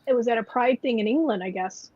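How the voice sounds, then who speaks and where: A woman's voice: on the high side, fast, mellow, slightly rough, no echo. Rambling woman, dull lo-fi sound. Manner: rambling, many "like" and "you know" fillers. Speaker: podcast co-host. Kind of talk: casual chat. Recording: dull lo-fi podcast audio.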